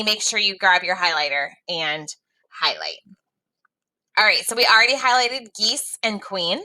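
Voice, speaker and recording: Bright-voiced woman teaching a reading lesson. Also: low-quality recording. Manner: reads the story aloud with pitch jumps for the geese; friendly, addresses pupils as friends. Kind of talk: reading lesson for young students.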